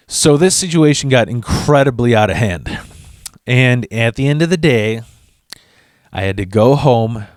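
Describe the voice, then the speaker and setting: Young male vlogger, mid-range pitch, dry close sound, profane animated storytelling with stammered restarts. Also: no echo. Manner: profane and animated, acting out quotes. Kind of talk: storytime rant.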